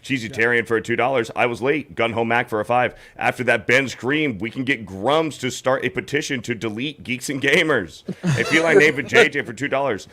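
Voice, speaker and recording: A man's voice: mid-range voice, a little fast, sharp tone. A man hosting a casual livestream, reading out viewer donations and messages with wry asides. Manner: reads donor messages aloud, wry asides. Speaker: host reading super chats.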